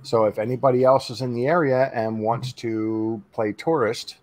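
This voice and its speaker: A man with a mid-pitched voice co-hosts a casual live panel chat. He keeps an easygoing, joking manner throughout. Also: fairly even intonation, normal speed, a little mellow. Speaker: co-host.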